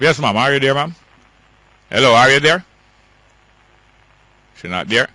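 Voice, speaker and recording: A man with a Jamaican accent hosting a call-in radio talk show, firm and quick to cut callers off. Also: medium pitch, animated, bright, forceful tone, faint music behind.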